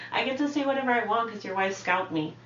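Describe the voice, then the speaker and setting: A young woman on a reality show, chatting casually, bubbly and quick to apologize and joke. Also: a little high. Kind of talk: casual chat. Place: house on a reality livestream. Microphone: room mics from a distance. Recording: distant echoey room audio, dull, slight hiss.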